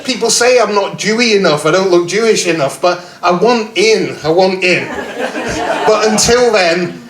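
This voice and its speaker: In a pub comedy room, a stand-up comedian in his fifties runs a self-deprecating set and keeps quizzing the audience. His voice sits high at a moderate pace, with a crowd audible behind him, and the roomy pub audio is picked up from far off.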